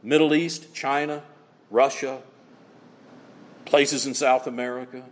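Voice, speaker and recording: A man's voice: steady tone, takes it slowly. Emphatic preacher man in a reverberant hall. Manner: emphatic preaching, swings between loud exclamations and low quiet asides. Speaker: pastor. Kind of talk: sermon.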